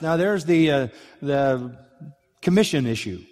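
A man's voice: high voice, lively intonation, normal speed, darkish tone. Earnest man preaching in a reverberant hall. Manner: earnest, emphatic, acts out quoted lines. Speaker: pastor. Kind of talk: expository sermon. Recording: long reverb of a large hall.

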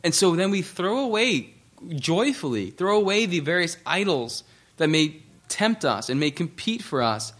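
Earnest higher-voiced male preacher. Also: big pitch swings, moderate pace, a bit bright. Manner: earnest preaching with restarts, reading scripture aloud. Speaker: pastor. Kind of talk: sermon.

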